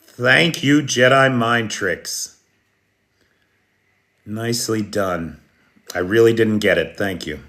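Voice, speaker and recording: A man's voice: on the low side, slow, pauses often, a bit bright. An American man hosting a live news stream, chatting casually and answering viewers' comments by name. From United States. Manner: chatty, talks directly to viewers by name, clears throat often. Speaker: livestream news host.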